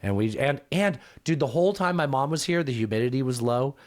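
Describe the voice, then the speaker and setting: A man's voice: medium pitch, expressive, brisk. Give me a male podcast host telling loose, profane stories in casual chat. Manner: rambling, profane storytelling.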